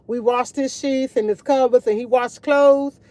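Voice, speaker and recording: A woman's voice: high-pitched, fairly even intonation, a little slow, mellow, no room sound. A woman chatting casually to her viewers over morning coffee, rambling and repeating herself as she tells stories. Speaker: vlogger.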